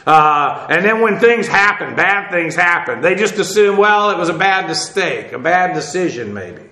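A man teaching the Bible verse by verse, halting with many "uh"s as he spells out Hebrew words, then pressing his points emphatically. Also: high-pitched, sing-song, sharp tone, roomy sound. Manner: emphatic, preacherly warnings.

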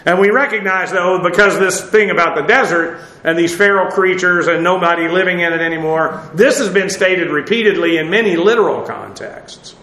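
A man leads an informal Bible study in a rambling, conversational way, circling back with fillers and restarts. His voice sits a little high and sounds bright and forward. The room around him is echoey. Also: normal speed, few pauses. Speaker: Bible teacher.

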